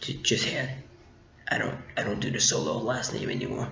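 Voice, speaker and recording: Gruff older space smuggler, low and muttered, done by a young man; echoey room, dull lo-fi sound. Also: huge pitch swings, fairly quick, sharp tone, heavily acted. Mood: deadpan. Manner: low, muttered, laid-back delivery.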